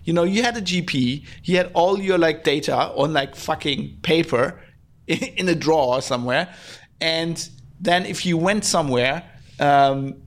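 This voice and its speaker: Man, podcast host, gravelly voice, slightly high, blunt sarcastic rant, swearing. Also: unhurried. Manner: frequent fillers and restarts. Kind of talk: ranting casual commentary.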